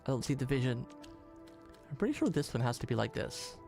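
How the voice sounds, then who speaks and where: A man's voice: mid-range voice, very animated, fairly quick, creaky, a little mellow, soft background music. Chatty male streamer rambling over gameplay. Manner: rambling, chatty, jokey asides. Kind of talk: casual gameplay commentary.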